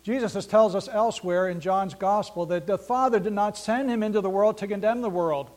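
A man's voice: high-pitched, moderate pace, darkish tone. A man pastor reading scripture aloud and preaching an earnest, emphatic sermon that repeats its key phrases.

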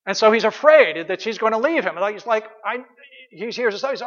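A man's voice: high-pitched, expressive, brisk, a bit bright, in a large hall, muffled recording. A man pastor giving an earnest, conversational sermon with emphatic repeated phrases.

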